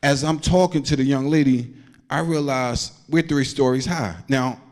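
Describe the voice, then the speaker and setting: A man's voice: mid-range voice, moderate pace, a little mellow. A man doing a stand-up comedy set, telling loose slangy stories and acting out the people in them. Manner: loose slangy storytelling, acts out quotes.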